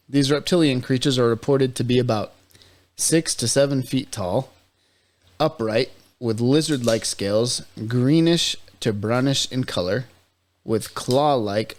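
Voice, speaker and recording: A man's voice: medium pitch, measured pace, a little mellow. Laid-back man reading notes on a podcast. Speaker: podcast co-host. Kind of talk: casual chat and reading notes.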